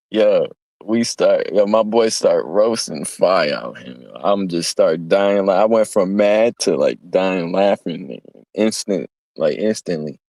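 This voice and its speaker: A man's voice: sits low, expressive, slow pace, darkish tone, no room sound. A young man streaming, telling a profane, rambling story in casual street talk and acting out the voices of the people in it. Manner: acts out quoted voices. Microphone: streaming mic.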